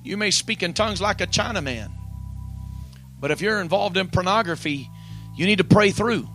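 A man preaching a fiery sermon, climbing to loud high-pitched shouts and sinking to hushed, quiet passages. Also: moderate pace, soft background music. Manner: rises to loud high-pitched shouting on scripture, drops to quiet near-whispers.

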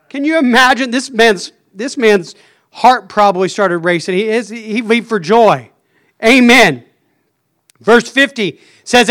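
A man's voice: very high voice, a little slow, sharp tone. A man preaching a fervent sermon, stopping often to say "Amen.". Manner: fervent, punctuates phrases with "Amen".

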